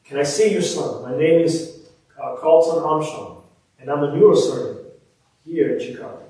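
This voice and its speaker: A man voicing a calm, quietly spoken male surgeon in a sermon story, heard in an echoey room from a distant mic. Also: a little high, normal speed, natural voice.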